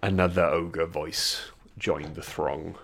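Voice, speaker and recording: A man's voice: sits low, fairly even intonation, vocal fry, a bit bright, a little hiss or hum. A man running a tabletop game as game master, narrating combat and giving rulings with frequent fillers. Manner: measured, hesitant with fillers between rulings.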